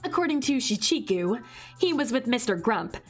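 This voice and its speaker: A woman's voice: on the high side, very animated, normal speed, slightly rough, faint music behind. A woman reading a wry, slangy young detective. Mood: wry, suspicious. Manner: sarcastic, slangy, suspicious. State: hoarse. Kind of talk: reading visual novel narration aloud.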